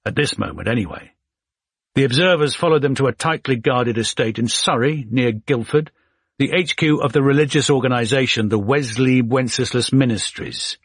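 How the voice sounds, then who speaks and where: A man narrates a thriller audiobook from a script, telling the story in a steady, even manner. His voice is medium-pitched at normal speed, recorded in a clean studio with no room sound.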